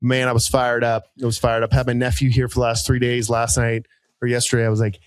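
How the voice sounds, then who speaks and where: A man in his thirties, a podcast co-host telling a rambling, animated story with many fillers and jumps into high voices for people he quotes. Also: quick pace, no echo. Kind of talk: casual storytelling chat.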